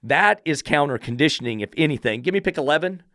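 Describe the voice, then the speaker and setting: A man's voice: animated, fast, a bit bright, dry recording, clean studio sound. A man hosting a dog-training podcast, blunt, combative and profane in his commentary. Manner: blunt, combative and profane, mocking falsetto baby talk.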